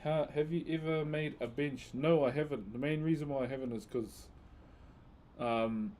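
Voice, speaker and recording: A man's voice: fairly high pitch, normal speed, a little mellow, slight background noise. A man chatting casually on a live stream, thanking viewers by name and using Maori words. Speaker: live streamer and wood carver.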